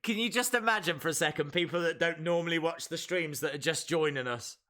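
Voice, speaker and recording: A man's voice: on the high side, a little fast, bright, forceful tone. A man hosting a wrestling live stream, chatting playfully and reading out viewer comments.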